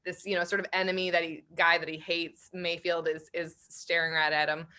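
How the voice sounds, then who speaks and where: A woman co-hosts a relaxed chat in a crisp, bright voice. She talks freely, laughs often and keeps turning to the others with "right?". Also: fairly low pitch, a little fast. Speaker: podcast co-host. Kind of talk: casual chat.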